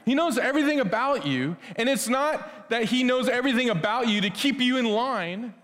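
A man preaching a conversational sermon as pastor, swinging between loud emphasis and hushed, tender passages. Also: extremely high pitch, lively intonation, moderate pace. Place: church sanctuary. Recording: long hall reverb.

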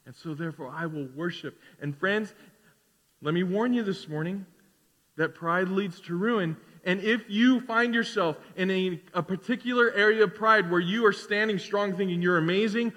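A man preaching a sermon as pastor, animated, swinging between loud declarations and quiet asides. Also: sits high, long reverb tail. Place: church sanctuary.

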